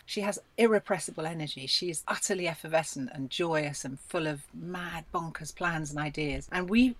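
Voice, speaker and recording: A woman film director answering interview questions in an effusive, animated way with frequent laughter. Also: sits low.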